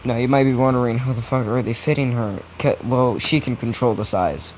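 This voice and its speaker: A man's voice: mid-range voice, brisk, rough recording. A young man improvising a fan-fiction story in a rambling, profane, casual way, with many restarts. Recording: steady background noise.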